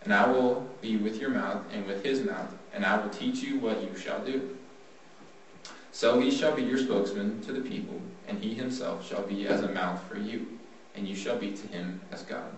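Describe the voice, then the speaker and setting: A man giving a devotional Bible talk, plain and earnest, slowing down when he reads scripture. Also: lowish voice. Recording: echoey room from far off, faint noise.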